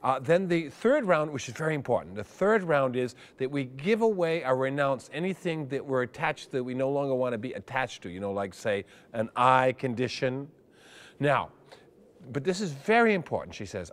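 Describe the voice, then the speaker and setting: A middle-aged man performing a wry, animated storytelling monologue, over a steady hum. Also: medium pitch, moderate pace. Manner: animated, wry, increasingly breathless. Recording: hum and noise under voice.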